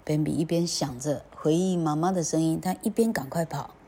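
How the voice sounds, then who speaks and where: A woman host narrates a children's story, moving slowly and gently through each line. Her voice is low-pitched and mellow, and it never turns sharp. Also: slightly rough.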